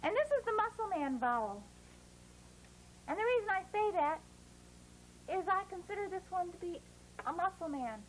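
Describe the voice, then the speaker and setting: Female children's teacher, very high pitch, drawn-out phonics sounds, coaxing tone. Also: sing-song, a little hiss or hum, rough recording.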